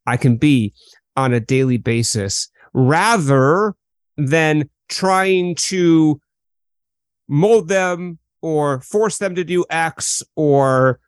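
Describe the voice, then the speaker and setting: Middle-aged man, podcast host, calm and measured, dry close sound. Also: fairly high pitch, no room sound. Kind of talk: reflective interview conversation.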